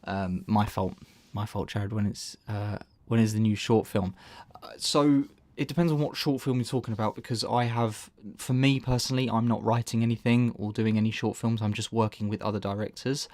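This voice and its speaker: Male stream host, lower voice, dry sound, loose and rambling delivery with a lot of laughing. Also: steady tone, moderate pace, hardly any pauses, a little mellow, no echo. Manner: rambling, self-interrupting, laughs often. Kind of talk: casual live-stream chat.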